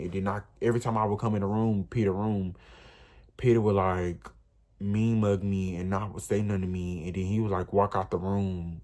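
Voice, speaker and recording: A man's voice: fairly low pitch, a little mellow. A young man, telling an emotional, rambling storytime straight to his viewers. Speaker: vlogger. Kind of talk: storytime vlog.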